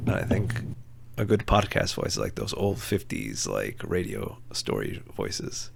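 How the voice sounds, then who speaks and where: Man, podcast co-host, gravelly low voice, rambling, crowd noise behind. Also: very animated, measured pace. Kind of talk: casual podcast chat.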